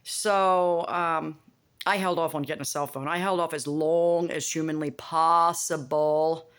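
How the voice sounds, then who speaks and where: A woman's voice: low voice, steady tone, unhurried, a bit bright. A woman talking in a casual, rambling monologue, blunt and profane, often making buzzing sound effects. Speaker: vlogger.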